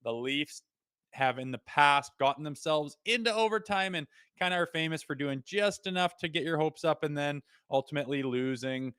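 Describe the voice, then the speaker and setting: A man co-hosting a casual hockey podcast, talking excitedly and rambling with lots of "like" as he breaks down plays. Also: fairly high pitch, normal speed, clean tone, dry recording, studio quality. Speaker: co-host; father. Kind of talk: casual sports podcast chat.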